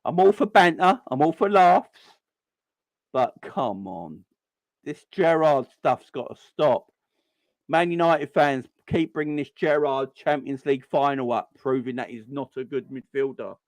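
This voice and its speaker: In a somewhat high voice at a moderate pace, a young live-stream host launches into an exasperated fan rant. He stumbles and restarts as he gets wound up, and there's no echo on the audio.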